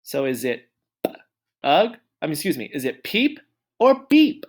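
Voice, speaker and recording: A man with a mid-range, slightly rough voice teaches children to read, sounding out letters slowly and with exaggeration. He's very animated and praises them often.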